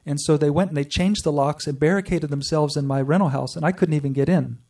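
A man giving an earnest personal testimony to a group, telling his story with pauses and restarts. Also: on the high side, darkish tone, distant mic. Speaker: speaker sharing a personal spiritual story.

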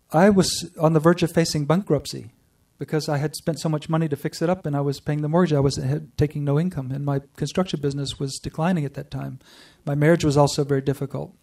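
A man giving an earnest personal testimony to a group, telling his story with pauses and restarts. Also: fairly high pitch, a little mellow, recorded from a distance. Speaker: speaker sharing a personal spiritual story.

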